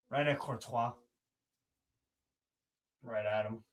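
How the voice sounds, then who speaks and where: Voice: medium pitch, big pitch swings, moderate pace, sharp tone. A co-host of a live football watchalong stream, reacting in short bursts and calling out player names. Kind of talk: live match watchalong commentary.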